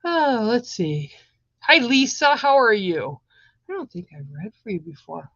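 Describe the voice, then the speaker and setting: Woman psychic reader, live-stream casting: chatty, reassuring, middle pitch, dull dry home audio. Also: big pitch swings, a little slow, vocal fry, dry recording. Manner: chatty, reassuring, addresses viewers directly. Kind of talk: live-stream card reading.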